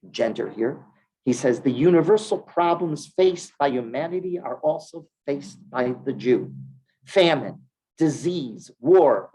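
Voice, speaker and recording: Rabbi guy teaching a torah class, lively up-and-down voice, keeps asking the room questions. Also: on the high side, low-quality recording. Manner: animated, emphatic, rhetorical questions.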